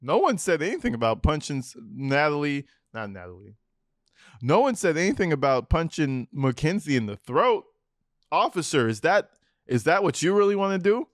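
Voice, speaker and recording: A man's voice: a little high, very animated, normal speed, no echo, studio quality. A man giving profane reaction commentary on police footage in a mocking, sarcastic way. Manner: mocking, sarcastic, swears a lot.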